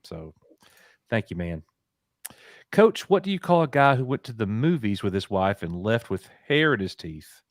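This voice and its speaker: A man's voice: lowish voice, sing-song, normal speed, dry recording, studio quality. A man co-hosting a casual livestream, joking and thanking viewers, tired after a long day at home. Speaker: co-host of a fan channel stream.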